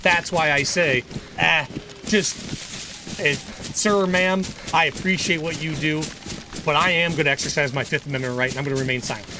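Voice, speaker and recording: A man's voice: on the high side, fairly even intonation, moderate pace, background noise. A man chatting casually on a gaming livestream. He is earnest and opinionated, and he rambles with frequent restarts. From United States.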